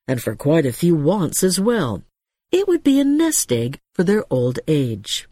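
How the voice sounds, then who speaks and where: A woman narrating a novel as a scripted audiobook reading, with expressive storytelling. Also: medium pitch, dry recording, clean studio sound.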